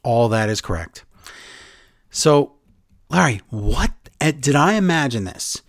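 A man recaps events in casual conversation, a storyteller who keeps things moving. His voice is recorded dry and close, with no room echo. It sits at an ordinary male pitch. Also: slow. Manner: animated storyteller, acts out quotes. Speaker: podcast co-host recapping wrestling. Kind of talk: casual chat.

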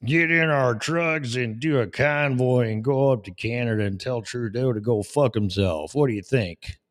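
A man's voice: medium pitch, normal speed, close to an everyday voice. A man voicing a laid-back male truck driver who drawls in easygoing trucker slang. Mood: scheming. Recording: long echoing reverb.

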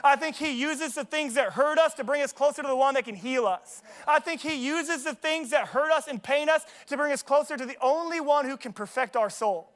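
A man's voice: very high-pitched, a little fast, few pauses, fairly bright tone. A young man preaching a sermon in a casual, joking way, telling stories from his own life at a church service. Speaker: pastor. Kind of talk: sermon with personal storytelling.

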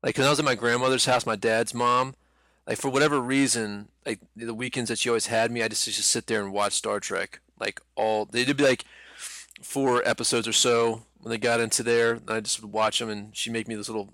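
A man's voice: mid-range voice, a little fast, dry recording. A man co-hosting a casual podcast chat, talking with lots of fillers and the odd swear word. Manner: animated, swearing, frequent filler words. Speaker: podcast co-host.

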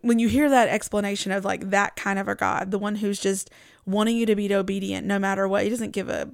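A woman with a gravelly, fry-tinged voice hosts a devotional podcast in an earnest, reflective manner. She speaks close to the mic in a dry, dead-sounding space, at a middling pitch. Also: fairly even intonation, a little fast, no echo. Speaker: Christian podcast host. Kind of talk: casual devotional podcast talk.

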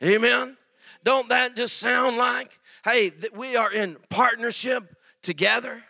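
A man's voice: very high voice, fairly even intonation, a little slow, gravelly, pushed and bright, no echo. A middle-aged man preaching a folksy, storytelling sermon as a guest preacher, often calling for amens.

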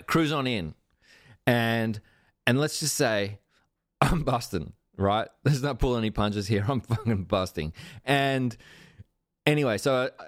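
A man, hosting a podcast and telling a long sweary anecdote in an animated, self-mocking way. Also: medium pitch, dry recording, studio quality. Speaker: podcast host. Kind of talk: casual storytelling.

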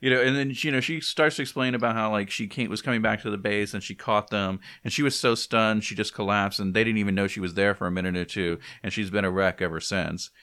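A man's voice: lowish voice, steady tone, fast, hardly any pauses, fairly bright tone, clear, resonant tone. A man in casual chat, recapping a comic and briefly acting out the characters' lines. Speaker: podcast co-host recapping a comic.

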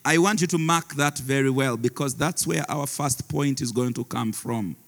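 A man's voice: medium pitch, normal speed, a bit bright. A man, a pastor preaching a sermon who laughs often and mixes in Luganda phrases. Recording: long reverb of a large hall.

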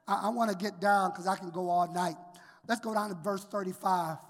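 A woman's voice: mid-range voice, steady tone, fairly quick, in a large hall, a little hiss or hum. A woman preacher giving an emphatic sermon, urging the congregation to answer back. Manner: emphatic, exhorting the congregation, call-and-response.

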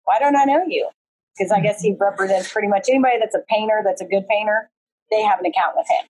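Casting: woman, husky voice, chatty guest storyteller on a video call. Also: medium pitch, steady tone, fast, a little mellow, low-quality recording. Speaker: guest, painting business owner. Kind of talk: casual conversational interview. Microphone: remote video call.

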